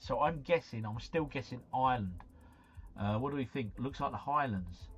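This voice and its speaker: A man's voice: mid-range voice, lively intonation, normal speed, fairly bright tone, husky. A man thinking aloud on a live stream, muttering to himself and then breaking into exclamations. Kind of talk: live-stream commentary while playing a geography guessing game. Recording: slightly muffled, faint background music.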